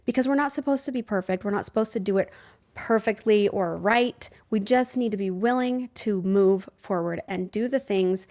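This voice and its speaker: A woman's voice: medium pitch, normal speed, darkish tone. Earnest woman podcast host. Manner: earnest, reflective, laughs often. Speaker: podcast host and life coach. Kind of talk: casual podcast chat.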